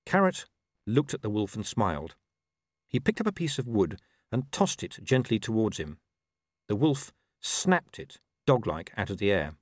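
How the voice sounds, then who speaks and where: A man narrating an audiobook with wry, animated storytelling. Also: on the low side, moderate pace, dry recording, clean studio sound.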